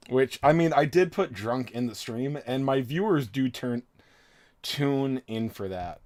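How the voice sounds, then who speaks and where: A man's voice: mid-range voice, expressive, a little slow, darkish tone. A man in his thirties, drunk, chatting casually on his stream in a rambling, crude, self-mocking way with frequent laughs. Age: 30s. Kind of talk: casual chat.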